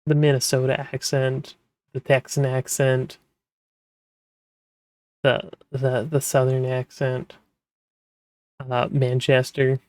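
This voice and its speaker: A man talks casually, rambling and restarting often, his voice sitting at an ordinary middle pitch. The sound is dry and close, with no room echo. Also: completely flat delivery, slow pace, long pauses, a little mellow. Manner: rambling, with many fillers and restarts. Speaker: manga translator, podcast host. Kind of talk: casual explanatory talk.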